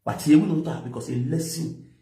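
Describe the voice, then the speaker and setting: A man's voice: a little high, brisk, dark tone, reverberant. A man with a Nigerian accent, lecturing and scolding in a commentary, mixing pidgin with a local language. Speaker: social media commentator.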